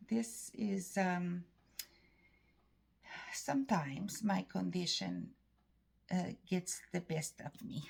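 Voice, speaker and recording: A Canadian woman vlogging about her day, speaking haltingly with many pauses and fillers. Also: lowish voice, creaky, a little mellow, slightly rough. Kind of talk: personal vlog talk.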